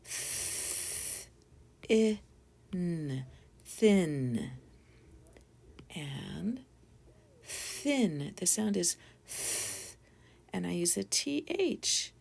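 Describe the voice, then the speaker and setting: A woman teaching a phonics spelling lesson to young children, sounding out each letter slowly and deliberately. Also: on the low side, huge pitch swings, creaky, a little mellow, breathy edge.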